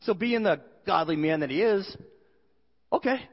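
A male pastor preaching a sermon with animated, joking storytelling, recorded with dull sound in a reverberant hall. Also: a little high, normal speed.

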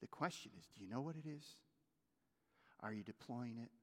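A man preaching a sermon as pastor, moving between loud urgent stretches and hushed, almost whispered lines. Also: medium pitch, normal speed, long reverb tail.

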